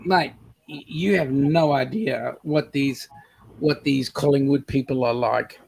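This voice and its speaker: A man's voice: mid-range voice, measured pace, creaky, darkish tone, husky, poor audio. A man from Melbourne with an Australian accent, hosting a casual livestream chat in a chatty, teasing way. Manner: chatty, teasing, laughs often. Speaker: host.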